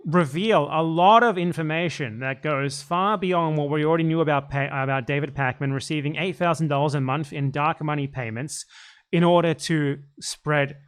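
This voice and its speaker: A man doing casual live commentary, reacting to a video with a blunt, profane, excitable rant. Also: a little high, moderate pace, clean tone.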